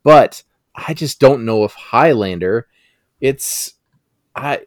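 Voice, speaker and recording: A man co-hosting a podcast, chatting casually in a measured, hedging way. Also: medium pitch, expressive, no echo, clean studio sound. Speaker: podcast co-host. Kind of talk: casual chat.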